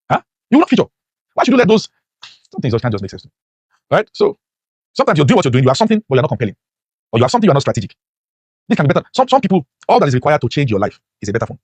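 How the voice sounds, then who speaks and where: In his motivational class lecture, this teacher preaches through rhetorical questions, and his voice shoots up sharply to stress key points. It's a medium-pitched voice with a breathy edge, recorded without echo.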